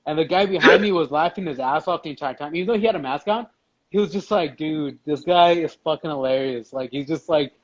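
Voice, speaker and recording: A man's voice: a little high, animated, fast, fairly bright tone, highs cut off. A man hosting a casual chat show, telling a story with lots of laughter and swearing. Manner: storytelling, laughs often, profane. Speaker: podcast host.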